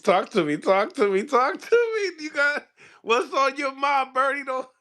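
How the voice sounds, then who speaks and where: A man's voice: very high-pitched, a little slow, sharp tone. A man hosting a boxing talk show, cutting in with short prompts and interjections. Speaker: host.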